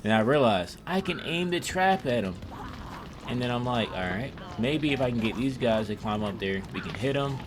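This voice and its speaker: A man's voice: mid-range voice, expressive, moderate pace, noisy background. A young man giving casual, profane, self-mocking commentary over his gameplay.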